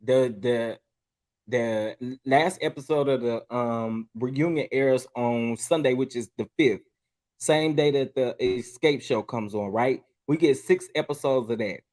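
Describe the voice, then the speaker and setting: A man's voice: mid-range voice, measured pace, a little mellow. A man hosting a casual reality-TV chat, laughing often. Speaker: host.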